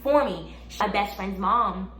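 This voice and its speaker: Animated bright-voiced young woman storyteller. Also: mid-range voice, takes it slowly. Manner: animated storytelling, rising into exclaims, repeats phrases. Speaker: vlogger. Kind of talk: storytime testimony. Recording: echoey room, faint background hum.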